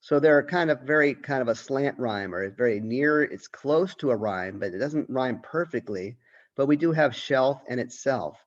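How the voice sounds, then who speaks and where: A man's voice: mid-range voice, lively intonation, normal speed, muffled recording. A man who is a college literature professor, giving a lecture and thinking aloud with restarts and questions. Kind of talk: recorded lecture.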